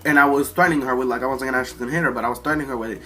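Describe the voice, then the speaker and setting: A man's voice: medium pitch, rapid-fire. A man casually telling a rambling, profane storytime about a fight at home. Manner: profane, rambling, animated retelling. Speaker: storyteller vlogger.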